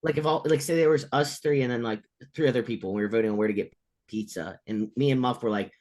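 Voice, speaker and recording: A man's voice: mid-range voice, quick pace, darkish tone. A man co-hosting a casual sports talk show, reading news items and rambling with lots of "like". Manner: rambling, filler-heavy, lots of "like". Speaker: co-host.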